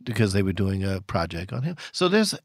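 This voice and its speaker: A man's voice: low-pitched, very animated, fairly quick, no room sound, studio quality. A man who runs a record store, telling stories in a rambling casual chat with many restarts and chuckles. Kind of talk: casual storytelling in conversation.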